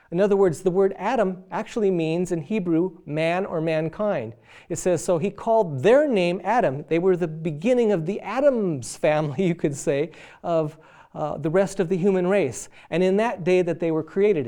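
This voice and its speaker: Middle-aged male preacher, warm and mellow, lively storyteller who acts out both sides of a quarrel. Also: a little high. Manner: animated storyteller acting out both spouses. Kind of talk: sermon on marriage.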